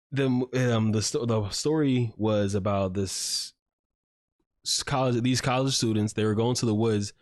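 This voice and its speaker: A man's voice: medium pitch, slow, long pauses, no echo, clean studio sound. A man hosting a podcast, recounting a story in a rambling, casual way with lots of filler words and swearing. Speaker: podcast host. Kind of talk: casual chat.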